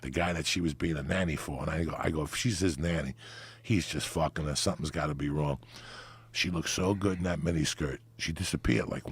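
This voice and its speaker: A man's voice: a bass voice, breathy edge. A man, telling a crude, rambling story as a podcast guest. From New Jersey. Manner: crude, rambling anecdotes with vivid asides. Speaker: guest comedian. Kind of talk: profane storytelling.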